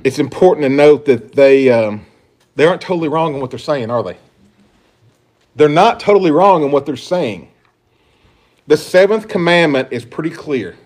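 A man preaching a sermon, emphatic and full of rhetorical questions, rising and dropping in volume as he stresses points. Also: medium pitch. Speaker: pastor.

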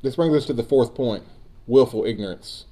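A man's voice: medium pitch, normal speed, mellow. A man preaching a sermon, building emphasis and speaking directly to his congregation. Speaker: pastor.

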